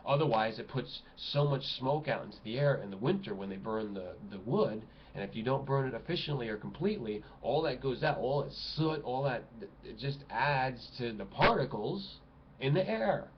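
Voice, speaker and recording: A man's voice: animated, normal speed, slight background noise. Agitated ranting man, lo-fi recording. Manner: agitated, exclamatory, swings between loud outbursts and low mutters. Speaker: vlogger. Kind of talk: impassioned ranting monologue. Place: home room at a computer desk.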